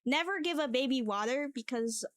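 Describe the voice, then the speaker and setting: A woman's voice: sits high, animated, moderate pace. A woman streamer chatting casually, rambling and playful, laughing often. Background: faint cafe music.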